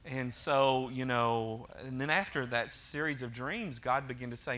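Man, middle-aged pastor, sermon, bright clear tone, conversational, joking asides. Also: mid-range voice, measured pace. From Oklahoma, USA.

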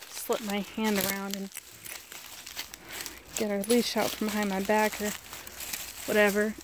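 With background noise behind her, a Southern woman in a mid-range voice records a casual outdoor vlog while walking her dog in the woods. She chats easily and coaxes the dog in baby talk.

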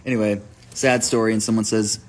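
Soft background music plays as a man talks on a phone live stream, a musician selling merch. His low-side voice is level, a little fast and slightly mellow, and he rambles with plenty of "like" fillers while reading out viewer names and hometowns.

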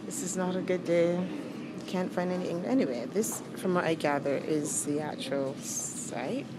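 Holding her phone as she walks through a busy church, a young woman student reporter vlogs casually and makes fun of herself. She speaks in a lowish, steady voice at a moderate pace. The recording is very noisy, full of the crowd of visitors.

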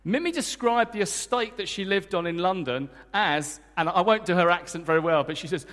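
Male preacher, lively and joking, high voice, long hall reverb. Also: fairly quick, few pauses. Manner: energetic, emphatic, joking with the congregation. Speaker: guest preacher. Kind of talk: sermon. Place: church hall.

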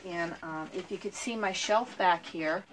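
A woman with a lowish voice talks a little slowly as she casually guides viewers through painting furniture on her makeover vlog. She chats a lot, says um frequently, and speaks to her dog, with slight background noise behind her.

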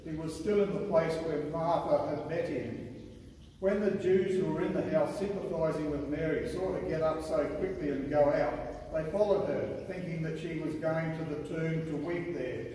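A man reading the narrator's part of a gospel passage in church, in a steady, even way. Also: fairly high pitch, a little hiss or hum. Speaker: lay reader. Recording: echoey church from far off.

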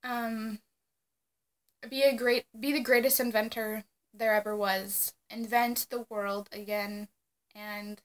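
A young woman in her late teens talking to the camera in a casual vlog, gushing and blunt, with some mild swearing. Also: fairly high pitch. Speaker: vlogger. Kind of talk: casual emotional address to camera.

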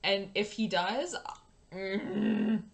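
A woman's voice: medium pitch, normal speed, fairly bright tone. A young woman from Canada giving casual gameplay commentary, swearing freely and ranting at the game. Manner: swears a lot, rants at the game in exasperation. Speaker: gaming YouTuber.

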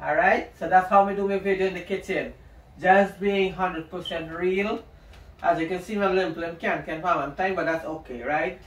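A man with a high voice, chatting casually to viewers while he cooks curry in his home kitchen. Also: normal speed. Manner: chatty, relaxed, talks straight to viewers. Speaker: cooking vlogger. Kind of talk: casual cooking demonstration. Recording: roomy kitchen, distant mic, sizzling.

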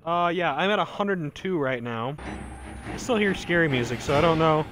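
A gaming streamer provides live commentary on a horror game in a fairly high, expressive voice at a moderate pace. He's tipsy and short of breath, and he jumps, yelps and swears at the scares while cracking jokes in the lulls.

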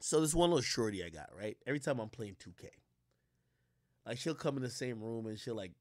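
A man ranting casually to his stream audience, swearing a lot and jumping his voice up high for emphasis. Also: animated, a little fast, darkish tone, dry recording, studio quality. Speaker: streamer and rap commentator.

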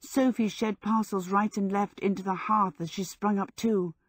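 Female audiobook narrator, measured storybook pace, dry close studio sound. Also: medium pitch, fairly even intonation, dry recording. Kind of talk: scripted narration.

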